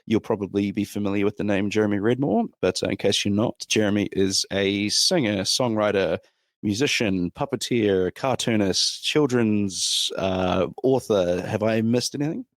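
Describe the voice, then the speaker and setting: A young man hosts a casual podcast interview, friendly and hesitant, with frequent ums and uhs. His voice is low. The sound is dry and close, with no room echo. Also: normal speed. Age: young adult. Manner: friendly, filler-heavy, hesitant. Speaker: podcast host.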